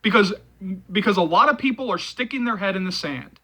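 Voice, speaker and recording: A man hosting a movie channel, hoarse from yelling, delivering a heated, repetitive and profane vlog rant to his viewers. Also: high-pitched, expressive, brisk, rough recording.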